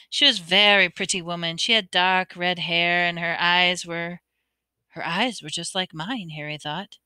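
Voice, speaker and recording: Bright, crisp woman reading aloud. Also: mid-range voice, no echo. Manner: expressive reading with occasional stumbles. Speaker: audiobook reader. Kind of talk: amateur audiobook narration.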